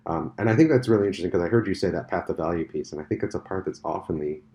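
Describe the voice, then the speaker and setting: A middle-aged man hosting a casual podcast chat, speaking in a deep, low register. He talks at a brisk clip, jumping into stories with quick asides and self-corrections. His tone is dark and mellow rather than bright. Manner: animated storyteller, quick asides and restarts. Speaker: podcast host. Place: conference venue.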